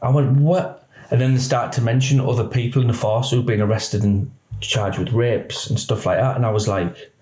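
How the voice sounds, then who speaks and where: A former police officer, speaking candidly in an interview, his story halting and emotional with many restarts. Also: medium pitch, steady tone, darkish tone. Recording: roomy echo.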